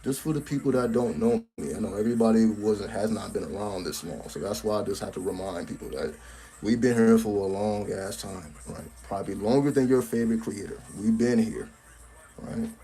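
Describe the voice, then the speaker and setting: A man's voice: on the low side, brisk, mellow. A man giving a casual live-stream talk on a cell phone, blunt and profane, tagging his points with "right?", with faint music behind him. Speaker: spiritual content creator.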